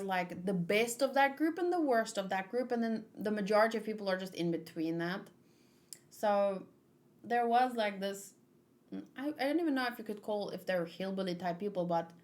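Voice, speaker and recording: A woman hosting a manga read-along, chatting casually and rambling as she thinks aloud. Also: medium pitch. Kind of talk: casual chat and reading aloud.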